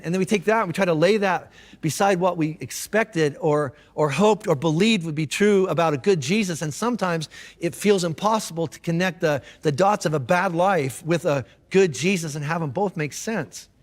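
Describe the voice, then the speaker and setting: A man's voice: fairly high pitch, normal speed, big-room sound. A man preaching a sermon as a pastor, talking casually and conversationally with slang and restarts.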